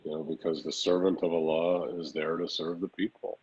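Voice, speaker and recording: A man, a Sufi teacher, gently answering a student's question, repeating phrases as he speaks. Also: low voice, flat delivery, brisk, slightly rough, lo-fi sound. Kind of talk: spiritual teaching in Q&A.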